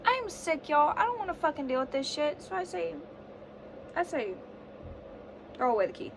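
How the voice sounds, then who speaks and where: A woman's voice: extremely high pitch, expressive, normal speed, gravelly, noisy background. A young woman telling a story in a casual vlog, sick with a fever and sore throat, ranting dramatically and swearing a lot. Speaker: vlogger.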